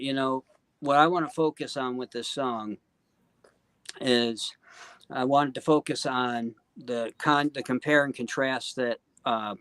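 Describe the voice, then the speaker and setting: A man's voice: mid-range voice, a bit bright, clear, resonant tone, dry recording. Earnest man, heartfelt and rambling. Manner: earnest, heartfelt, full of "you know" and "um". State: choked up. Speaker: guest singer-songwriter. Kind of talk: casual interview talk.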